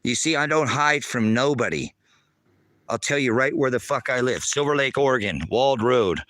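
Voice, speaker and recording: A man ranting angrily on a livestream from outdoors at a rural homestead, taunting and cursing, often shouting. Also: medium pitch, normal speed, no room sound. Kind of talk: angry livestream rant.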